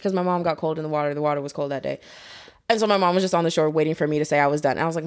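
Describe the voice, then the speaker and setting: A young woman telling stories in casual chat, blunt and profane, with an animated storyteller's delivery. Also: on the low side, very fast.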